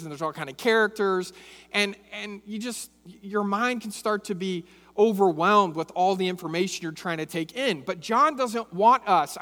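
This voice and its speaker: A man's voice: high-pitched, a bit bright. A man preaching a sermon. He reads scripture aloud, then talks it through expressively, asking rhetorical questions and repeating phrases. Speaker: pastor. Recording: long hall reverb.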